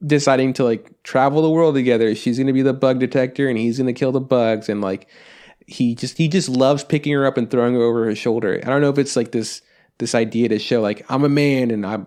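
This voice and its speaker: A man's voice: mid-range voice, a little mellow. A man co-hosting a casual anime review podcast, rambling with lots of fillers. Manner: rambling, filler-heavy, acts out quotes. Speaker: podcast co-host.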